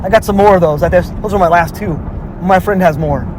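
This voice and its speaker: A man's voice: high-pitched, brisk, background noise, lightly acted. A man doing a pumped-up party-dude buddy. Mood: casual. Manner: loose, excited party-dude talk. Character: laid-back young male party buddy.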